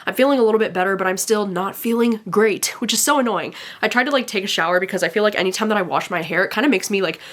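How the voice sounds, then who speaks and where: A woman's voice: mid-range voice, racing, hardly any pauses, fairly bright tone. Gushing, chatty young woman vlogging from bed. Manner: chatty and gushing, heavy use of "like" and "dude". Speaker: book vlogger. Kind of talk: casual vlog chat. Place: bedroom, in bed.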